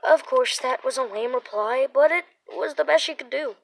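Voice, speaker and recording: A woman with a slightly high voice reads a children's story aloud. She stumbles now and then, restarting and repeating a word. A faint hiss of noise sits under the voice. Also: moderate pace, gravelly, poor audio. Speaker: narrator.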